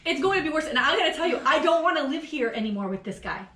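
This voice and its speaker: A woman co-hosting a podcast, talking in a brash, excitable, heavily profane way in casual political chat. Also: high voice, quick pace. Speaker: podcast co-host. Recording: roomy echo.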